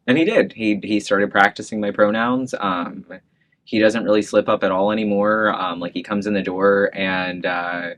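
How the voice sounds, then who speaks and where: A man's voice: on the low side, normal speed, fairly bright tone. A man in his thirties telling a personal story in an oral history interview, with many fillers and restarts and frequent laughter. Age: 30s.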